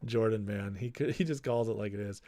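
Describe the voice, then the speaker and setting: A man's voice: fairly low pitch, brisk, dark tone, dry recording, clean studio sound. A man hosting a casual political livestream, talking loosely and reading viewer comments aloud. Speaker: livestream host.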